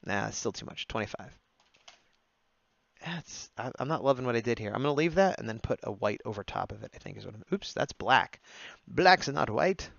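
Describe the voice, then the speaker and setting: A man livestreams as he takes drawing requests, narrating his work and talking with viewers in a chatty running commentary, often laughing at his own jokes. His lowish voice is animated, creaky and a bit bright, a little fast. The recording is dry but the lo-fi audio sounds dull.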